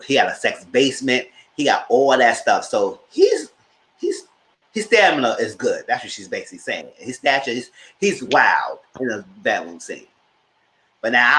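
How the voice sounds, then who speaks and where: A man hosting a TV review show, recapping scenes in a lively, casual way and acting out people's lines in exaggerated voices. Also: reverberant. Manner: acts out quotes in exaggerated voices, squeals high.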